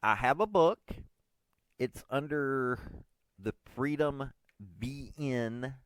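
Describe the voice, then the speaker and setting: A man's voice: medium pitch, takes it slowly, no room sound. A man in his forties, hosting his own podcast, rambles casually and self-deprecatingly, with lots of hesitant fillers. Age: 40s. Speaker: podcast host.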